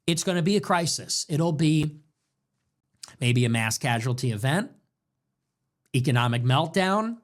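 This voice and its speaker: A young man hosting his own show, delivering an impassioned political commentary monologue full of rapid rhetorical questions. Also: fairly high pitch, animated. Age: young adult. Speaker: show host.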